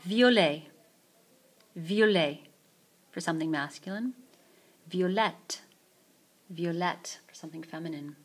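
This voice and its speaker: A woman teaching French vocabulary in a screencast, saying each phrase slowly and then repeating it. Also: lowish voice, husky. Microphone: tablet mic.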